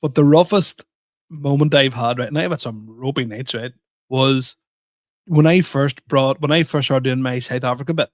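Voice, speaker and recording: A man's voice: medium pitch, normal speed, dry recording. A man co-hosting a comedy podcast, telling self-deprecating stories with frequent laughter. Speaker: podcast co-host and stand-up comedian. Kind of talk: casual chat.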